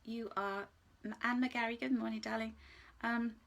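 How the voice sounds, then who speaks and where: A woman giving a live angel card reading in a gentle, reassuring way. She is emotional, laughs often, and at times drops to a soft whisper. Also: fairly high pitch, fairly even intonation, measured pace, creaky.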